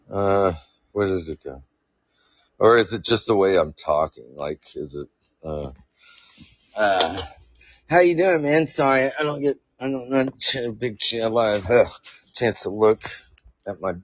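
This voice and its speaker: A man with a lowish voice hosts a live podcast, casually explaining science while stumbling over words and joking with his chat. He's using a new earphones mic, so the sound is lo-fi, though there's no echo.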